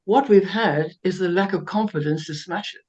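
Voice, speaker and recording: An older woman from South Africa, a guest telling lively, self-mocking stories with laughs and many restarts. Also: lowish voice, normal speed, muffled recording, slight background noise. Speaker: interview guest. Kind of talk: anecdotal storytelling interview.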